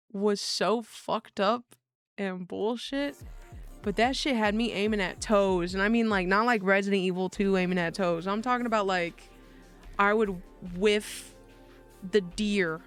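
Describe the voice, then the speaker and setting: A woman's voice: on the high side, smooth. A young woman streaming a game, chatting in a loose, slangy, profane way. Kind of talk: casual game streaming chat.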